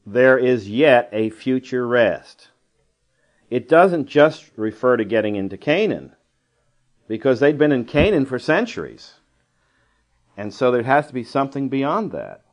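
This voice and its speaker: A man teaching a verse-by-verse Bible lesson in a conversational style, with dry asides and digressions. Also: medium pitch. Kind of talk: Bible study lecture.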